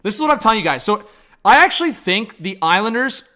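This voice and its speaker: A young man reacts live on stream, excitable and full of slang, and keeps calling out to his chat. His voice sits high and sounds bright and edgy, with big jumps in energy. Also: quick pace. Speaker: livestream hockey commentator.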